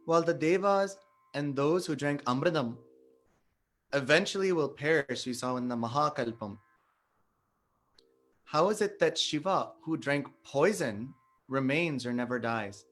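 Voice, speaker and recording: A man giving a devotional satsang talk, retelling a sacred story in a measured, explanatory way and stressing the holy names. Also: fairly high pitch, expressive, a bit bright, faint music behind. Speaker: satsang speaker.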